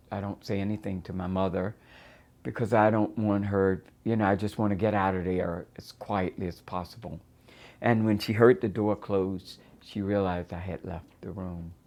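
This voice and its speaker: An older woman from Florida recounts a personal memory in a low, deep voice. She speaks slowly and haltingly, pausing with fillers as she reflects. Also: a little mellow. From United States (Florida). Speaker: storyteller. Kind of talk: first-person documentary storytelling.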